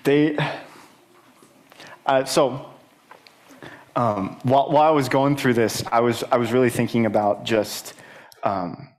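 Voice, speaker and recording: Young man, mid-pitched voice, church testimony, halting, many fillers, rises with emphasis. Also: fairly even intonation. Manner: rises higher and more emphatic when stirred. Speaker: church speaker. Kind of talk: personal testimony sermon.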